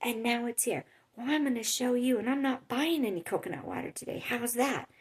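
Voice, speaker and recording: A woman's voice: a little high, brisk, voice pushed up, close to an everyday voice. A woman mimicking an indignant female shopper who insists huffily and snaps back. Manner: huffy and insistent.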